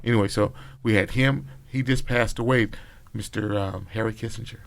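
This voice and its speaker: Gravelly-voiced man telling stories. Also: fairly low pitch, moderate pace, no echo. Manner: loose, profane, animated retelling with quoted dialogue. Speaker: guest, former bodyguard. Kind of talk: casual storytelling. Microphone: podcast mic.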